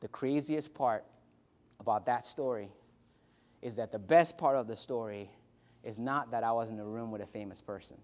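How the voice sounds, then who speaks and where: A man hosting a late-night show, telling stories with animated delivery that drops to a soft, reflective tone. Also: mid-range voice, normal speed. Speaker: host.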